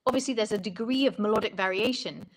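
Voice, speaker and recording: A woman's voice: mid-range voice, fast talker, rough recording. A woman songwriting coach explaining melody and lyric writing in an interview, thoughtful and stopping often to rephrase.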